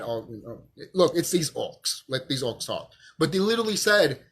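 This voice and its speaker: A man talking to camera while drunk, his husky voice riding high and swinging up and down as he makes his points. He stutters a little, swears freely and repeats lines for emphasis. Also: very animated, normal speed, hardly any pauses, a bit bright. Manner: profane, emphatic, repeats himself. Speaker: vlogger. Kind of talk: rambling monologue to camera.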